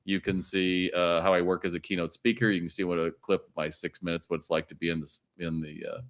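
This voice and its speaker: Lively low-voiced storytelling man. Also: fast talker. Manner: animated storyteller acting out dialogue. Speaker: retail consultant and keynote speaker. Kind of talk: podcast guest chat.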